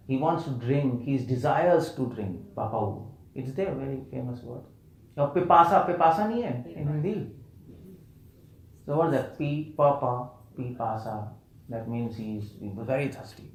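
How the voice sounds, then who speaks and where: A man with a medium, darkish voice lectures on scripture in a temple hall, quizzing the audience in front of him. He repeats words playfully to drive points home, and the hall adds a roomy echo.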